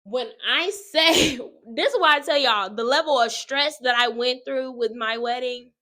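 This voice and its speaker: Woman vlogger, slow, fairly high voice, animated testimony straight to camera. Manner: animated, speaks straight to viewers. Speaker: wedding advice vlogger. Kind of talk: casual testimony vlog.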